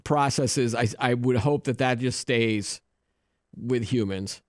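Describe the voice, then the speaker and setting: A man's voice: mid-range voice, takes it slowly, no echo, studio quality. A man hosting a tech news show, chatting casually and joking, with many restarts.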